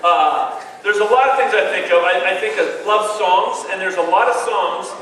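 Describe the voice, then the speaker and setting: A man giving an animated, joking talk to a young audience as a youth speaker, playing to the crowd. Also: high-pitched, moderate pace. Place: large hall with a live audience. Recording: echoey hall from far off with a crowd. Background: crowd of kids reacting.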